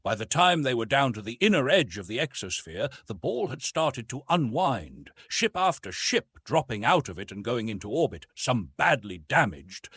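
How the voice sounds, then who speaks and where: A man reading a science-fiction audiobook aloud in an expressive, storytelling way. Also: mid-range voice, husky, no room sound. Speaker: audiobook narrator. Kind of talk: scripted audiobook narration.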